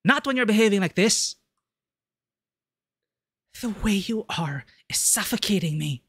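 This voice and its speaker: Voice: medium pitch, animated, measured pace, husky, no echo. A streamer reading the lines of a hurt young adult daughter in a game, pleading and defensive.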